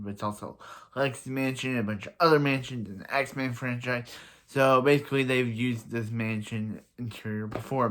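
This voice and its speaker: A show reviewer gives a casual recap, rambling through the plot with lots of "like," "so yeah," and quick restarts. His ordinary middle-pitched voice is a bit bright, and he chats as if to viewers, laughing at his own jokes.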